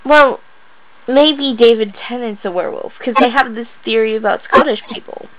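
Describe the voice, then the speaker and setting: A woman's voice: fairly high pitch, moderate pace, highs cut off, a little hiss or hum. A woman co-hosting a podcast, chatting casually about a movie, laughing often and floating playful theories. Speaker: podcast co-host.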